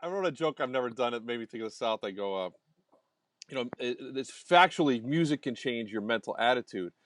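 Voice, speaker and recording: A man's voice: medium pitch, lively intonation, a little fast, a bit bright, no room sound, studio quality. A man hosting a comedy radio show, chatting casually with a joking, self-deprecating manner. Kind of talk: casual interview chat. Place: radio studio.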